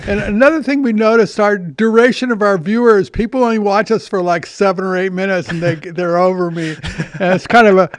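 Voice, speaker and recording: A man's voice: high-pitched, steady tone, brisk, dry recording, clean studio sound. An older man hosting a podcast in casual chat, rambling with many restarts and blunt swearing. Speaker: podcast host.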